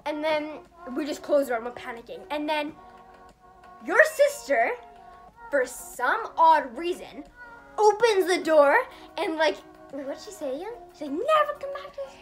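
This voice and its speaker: Young woman, storytime vlog, high pitch, faint background music, rambling chatty delivery. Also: expressive, measured pace. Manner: rambling, many "like" fillers, acts out quotes. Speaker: vlogger. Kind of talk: casual storytime chat.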